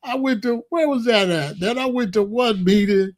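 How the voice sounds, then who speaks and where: This channel host, a man with a high-pitched voice, speaks at a normal speed as he rambles emphatically through a personal story, laughing now and then in his casual telling.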